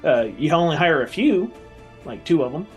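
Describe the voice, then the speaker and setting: A man's voice: a little high, very animated, normal speed, faint music behind. A man playing a tabletop game, talking in a loose, rambling, chatty way. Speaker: player. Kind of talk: casual tabletop play.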